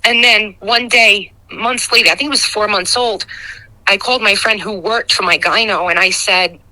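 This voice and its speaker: A woman tells her own story on a call-in show. Her voice is very bright and sharp. She speaks candidly and haltingly, with plenty of restarts and deep feeling. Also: fairly even intonation, rough recording. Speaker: caller. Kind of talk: personal account on a talk show.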